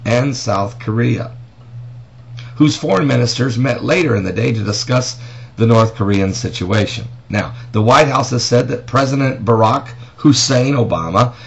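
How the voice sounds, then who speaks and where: A man's voice: mid-range voice, normal speed, creaky. A man, a pastor, talking through news and prophecy in a casual vlog, reading an article aloud and stopping to make emphatic points with pointed rhetorical questions. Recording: dull lo-fi audio with faint noise.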